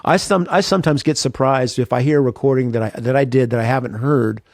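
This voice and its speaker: A man's voice: medium pitch, quick pace, a little mellow, no echo, studio quality. A man, a guitarist guest in an interview, talking earnestly and self-deprecatingly with lots of restarts. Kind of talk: reflective interview talk.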